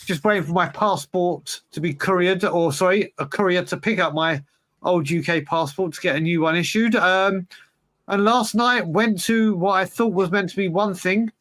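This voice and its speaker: A man's voice: sits high, normal speed, a bit bright, no room sound. A man co-hosting a casual podcast, rambling through an anecdote. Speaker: podcast co-host. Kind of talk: casual banter.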